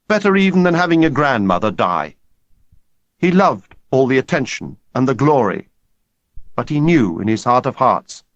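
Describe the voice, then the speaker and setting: A man narrating a novel as an audiobook in an expressive, measured storytelling manner. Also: mid-range voice, no room sound, muffled recording. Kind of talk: scripted narration.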